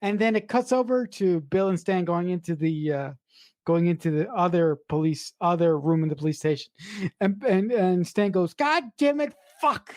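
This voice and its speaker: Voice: medium pitch, normal speed, mellow, no room sound, studio quality. A podcast co-host enthusiastically retelling film scenes, with casual swearing. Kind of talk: casual movie review chat.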